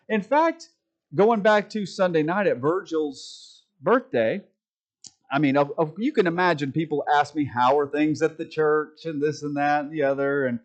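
Male pastor, casual emphatic rant, fairly high voice. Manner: emphatic, frequent restarts, swings from loud to muttered. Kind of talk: preaching commentary, conversational rant.

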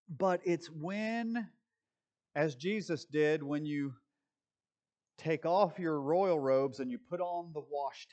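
Male pastor delivering a sermon, voice sitting a touch high, fond of rhetorical questions and wry asides. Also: a little mellow. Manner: asks rhetorical questions and answers them.

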